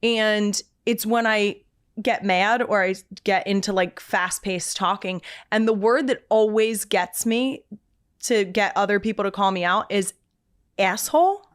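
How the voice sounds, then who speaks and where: A woman with a Philadelphia accent hosting a casual interview, relaxed and plain-spoken. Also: mid-range voice, unhurried, clean tone. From Philadelphia area. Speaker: podcast host.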